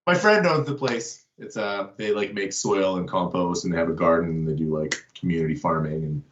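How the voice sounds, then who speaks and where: A man's voice: deep voice, a little fast, lo-fi sound. A man in a band, guesting on a casual podcast, joking and teasing with the hosts. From Canada. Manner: joking, teasing, laughs often. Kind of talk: casual chat.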